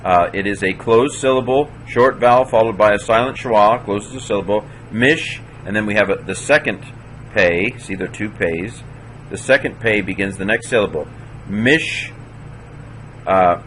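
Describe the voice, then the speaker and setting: A man teaching a class, slowly sounding out syllables one at a time and stopping to correct himself. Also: lowish voice, a bit bright, slight background noise, poor audio. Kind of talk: classroom walkthrough of Hebrew pronunciation.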